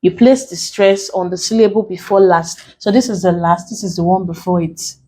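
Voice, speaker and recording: A woman's voice: on the low side, fairly even intonation, moderate pace, warm tone, poor audio. A woman from Nigeria teaching an exam-prep English lesson, spelling out letters one by one and explaining each step. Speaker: English tutor.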